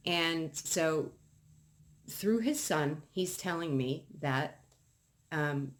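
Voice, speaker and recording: Woman from New England, casual ranting vlogger, emphatic and swearing, lively voice. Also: on the low side. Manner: heated, profane, emphatic ranting.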